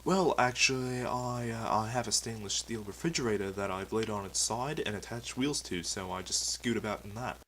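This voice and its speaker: A man's voice: on the low side, normal speed, few pauses, a bit bright, a little hiss or hum, close to an everyday voice, low-quality recording. A man voicing a touchy, boastful metal superhero man with a British accent and a pompous, easily offended manner. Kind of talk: comedy sketch acting.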